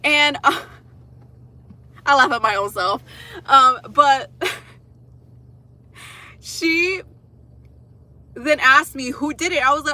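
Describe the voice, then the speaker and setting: A young woman hosting a casual livestream, telling animated, profane stories and laughing at her own jokes. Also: high voice, takes it slowly, pauses often. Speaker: livestream host.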